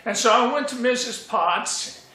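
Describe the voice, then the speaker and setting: A tearful little python, voiced by a man telling a story, grumbles through his complaint with halting fillers. The voice is high and bright. It is heard in a roomy, echoing space. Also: exaggerated voice. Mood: aggrieved. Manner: plain retelling with hesitant fillers. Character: young male python, tearful and whiny.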